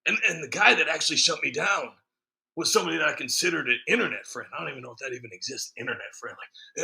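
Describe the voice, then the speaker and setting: Gravelly, forceful sarcastic male streamer. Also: a little high, animated, fast talker. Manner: sarcastic, joking, frequent fillers. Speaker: streamer host. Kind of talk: casual ranting monologue.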